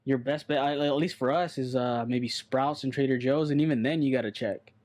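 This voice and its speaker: A man chatting on a podcast in a loose, rambling way, blunt and quick to swear. His voice sits at an ordinary middle pitch. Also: a little mellow. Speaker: podcast co-host. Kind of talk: casual chat.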